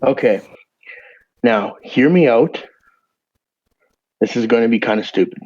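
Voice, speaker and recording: A man's voice: mid-range voice, expressive, a little slow, a little mellow. A man playing a tabletop game, talking casually and eagerly as he lays out his plan. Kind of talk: casual chat. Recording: dull lo-fi audio.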